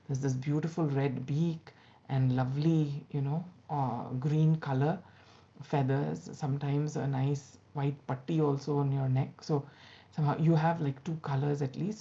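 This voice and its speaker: A woman's voice: deep voice, creaky, dark tone. A woman voicing an envious, wide-eyed male crow who talks breathlessly and drops into whispers as he admires the other birds. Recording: dull lo-fi recording.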